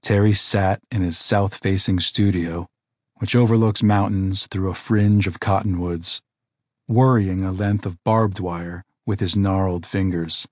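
Low-voiced man reading an audiobook. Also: a little mellow, no echo, studio quality. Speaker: audiobook narrator. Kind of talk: scripted audiobook narration.

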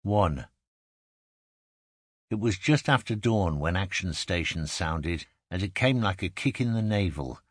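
A man narrating a first-person memoir in a measured, vivid storytelling manner. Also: low voice, animated, no echo, clean studio sound. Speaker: audiobook narrator. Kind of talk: scripted narration.

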